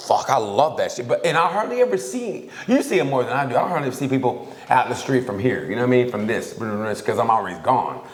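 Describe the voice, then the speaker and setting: A man in his fifties with a New York accent, co-hosting a podcast in loose, animated chat with lots of swearing and laughter. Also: medium pitch, quick pace, hardly any pauses. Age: 50s. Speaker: podcast co-host. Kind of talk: casual chat. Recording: echoey room.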